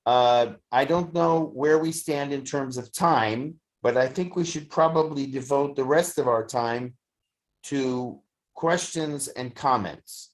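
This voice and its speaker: A teacher giving a thoughtful lecture to a study group, pausing often with fillers and restarts. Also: medium pitch. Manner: halting, many fillers and restarts. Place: study session streamed on video call.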